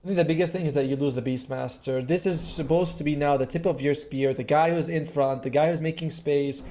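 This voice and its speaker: A man giving analytical color commentary on a live esports match. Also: brisk. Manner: analytical color commentary with lively swings in pitch. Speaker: esports caster.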